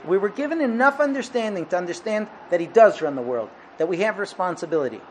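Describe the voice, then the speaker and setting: A man teaching a Torah lesson, explaining with a parable and acting out its dialogue with animated delivery. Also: high-pitched, fast, slight background noise, rough recording. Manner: animated, acts out dialogue in the story. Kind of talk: lecture with parable storytelling.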